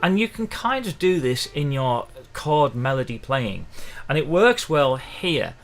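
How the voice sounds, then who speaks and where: A man's voice: a little high, big pitch swings, a little slow, faint music behind. A middle-aged man, teaching ukulele in a chatty, encouraging livestream lesson, counting in the beats. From England. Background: faint ukulele playing.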